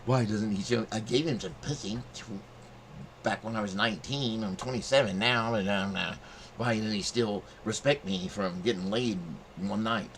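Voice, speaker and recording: Low-voiced profane storytelling man. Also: moderate pace, fairly bright tone, slight background noise. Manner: profane, rambling, acts out quotes in raised voice. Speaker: channel host telling a story. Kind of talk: casual storytelling monologue.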